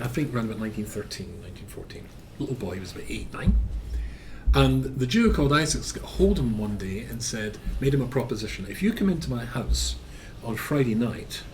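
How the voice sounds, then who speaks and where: A man, a rabbi teaching a lesson as an animated storyteller, full of filler words. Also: fairly low pitch, a little hiss or hum.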